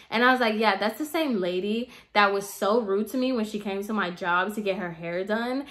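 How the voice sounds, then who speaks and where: Sassy bright-voiced young woman. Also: mid-range voice, brisk, few pauses. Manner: animated, sassy, quotes people in voices. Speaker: hairstylist vlogger. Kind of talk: casual storytime rant.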